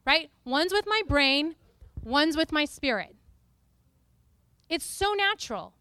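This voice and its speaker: A woman preacher gives an animated, playful teaching talk to a live congregation. Her voice sits high and sounds bright and forward. The sound is dry and close. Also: takes it slowly, no echo. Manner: animated, playful, breaks into sung and spoken snippets.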